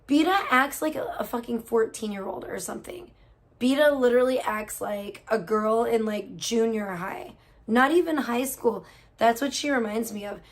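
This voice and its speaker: A woman's voice: fairly high pitch, normal speed. A woman hosting a casual livestream, gossiping and reacting to chat, swearing freely. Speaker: livestream host.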